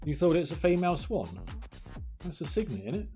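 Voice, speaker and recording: A man's voice: on the high side, very animated, fairly quick, warm tone, faint music behind. A man hosting a live-streamed quiz in a chatty, jokey way, reading out viewers' answers by name. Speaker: quiz host.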